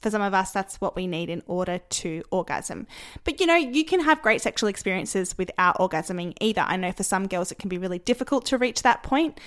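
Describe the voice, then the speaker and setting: A young woman hosts her own podcast in a loose, candid chat. She talks straight to her listeners, peppering her speech with "like" and "you know", and her pitch sits in a middle range for a woman. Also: animated, fairly quick. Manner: chatty and candid, many "like" and "you know" fillers. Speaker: podcast host. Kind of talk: casual solo podcast talk.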